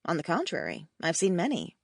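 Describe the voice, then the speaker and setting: A woman narrating a first-person audiobook in a wry, expressive storytelling manner. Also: on the low side, a little fast, creaky, dry recording, studio quality.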